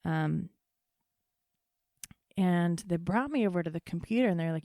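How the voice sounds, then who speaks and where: A woman's voice: lowish voice, animated, a little slow, dark tone, no room sound, studio quality. A woman hosting a podcast who tells a long story in a chatty, casual way, swearing freely and acting out what others said. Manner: chatty, profane, tells stories with quoted dialogue. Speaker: podcast host.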